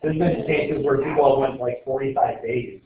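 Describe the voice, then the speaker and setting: A man's voice: medium pitch, steady tone, moderate pace, heavy background noise. A male teacher running a casual exam review, joking and quizzing his students as he rambles. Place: classroom. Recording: echoey classroom on tinny lo-fi audio.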